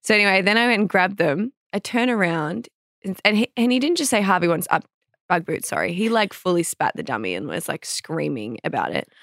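A woman's voice: on the low side, very animated, fairly quick, fairly bright tone, no room sound, studio quality. A young woman hosting a podcast, telling a funny story in casual chat with frequent laughs. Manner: chatty storyteller, laughs often, acts out quotes. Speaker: podcast host.

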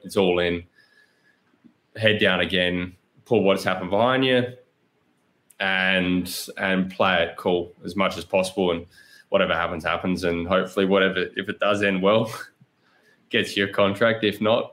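An Australian man in his thirties speaks in a fairly low voice as a podcast guest. He tells his story bluntly and candidly, with plenty of swearing and frequent laughter. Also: fairly even intonation, moderate pace, fairly bright tone. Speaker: guest, pro cyclist. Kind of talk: casual podcast chat.

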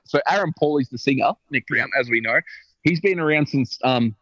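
A man's voice: mid-range voice, brisk, a bit bright, dry recording, highs cut off. A young Australian man co-hosting a casual music podcast, chatty and teasing, running through band release news. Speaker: podcast co-host.

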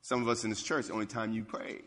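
A man preaching a sermon as a pastor, swinging from low, quiet passages up to loud, emphatic calls. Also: fast talker. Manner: animated preaching, rising to near-shouts and dropping low. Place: church sanctuary. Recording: long hall reverb.

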